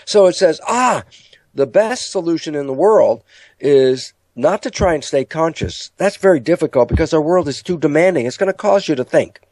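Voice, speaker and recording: A man's voice: normal speed, no room sound. A man giving a lecture-style talk about the mind, telling stories and acting out inner dialogue. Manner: animated storytelling, acts out inner dialogue in higher voices. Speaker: speaker on biology and the mind.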